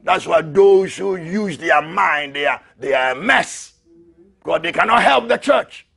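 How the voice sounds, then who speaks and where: A man preaching a fiery sermon as an apostle, who shouts, repeats his lines and laughs between them. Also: fairly high pitch, lively intonation, unhurried, creaky, breathy edge.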